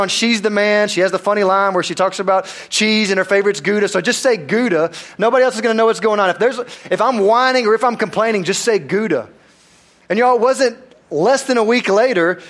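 High-voiced man preaching. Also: a bit bright. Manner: conversational, self-deprecating storytelling. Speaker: pastor. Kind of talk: sermon.

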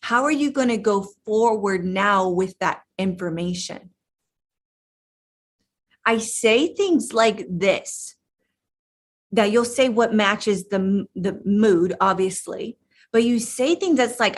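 A woman's voice: mid-range voice, takes it slowly. A woman life coach giving a motivational talk, emphatic and repetitive, rallying her listeners.

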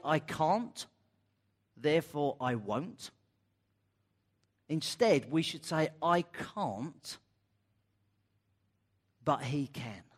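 A middle-aged man preaching in a lively, animated way. His voice sits a little higher than most men's. He acts out the people he quotes, jumping up in pitch for their worried lines. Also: in a large hall. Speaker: pastor. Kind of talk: sermon.

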